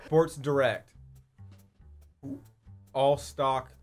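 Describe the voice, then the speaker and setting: A man's voice: on the high side, wildly swooping pitch, drawn-out words, bright, forceful tone, soft background music. A young man hosting a casual guessing game with his siblings, joking and swearing as he reads things out. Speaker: youtuber host.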